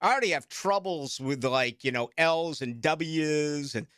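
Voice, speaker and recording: A man's voice: a little high, measured pace, fairly bright tone, clear, resonant tone, no room sound, clean studio sound. A middle-aged man with a Boston accent, hosting late-night sports talk radio in a rambling, self-mocking way.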